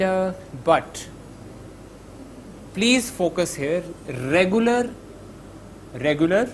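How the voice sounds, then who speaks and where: A man with an Indian accent, a psychologist giving an advice talk to students. He talks conversationally, fills gaps with "you know", mixes in Hindi phrases, and slows down to show calm breathing. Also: on the high side, slight background noise, low-quality recording.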